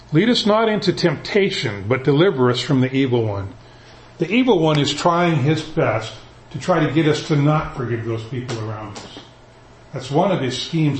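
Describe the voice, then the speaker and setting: A man's voice: medium pitch, a little hiss or hum. Conversational male pastor in an echoey church. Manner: conversational, animated, paraphrases scripture in everyday talk. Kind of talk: sermon. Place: church sanctuary.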